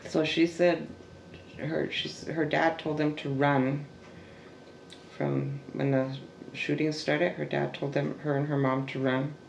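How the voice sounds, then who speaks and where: A man with a gravelly, creaky voice recounts a family story in a halting, searching way. He restarts sentences often and sometimes sinks into a hush. He is recorded in an echoey room with a faint noise underneath. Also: on the high side, little pitch movement. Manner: halting, with restarts and trailing fillers. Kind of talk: oral history storytelling.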